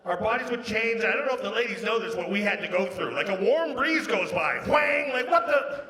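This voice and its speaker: A man from Canada doing a stand-up comedy set, breaking into loud sung and acted bits. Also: high-pitched, expressive, fast. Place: large casino showroom with a live audience. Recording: echoey live hall, crowd. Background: audience laughter.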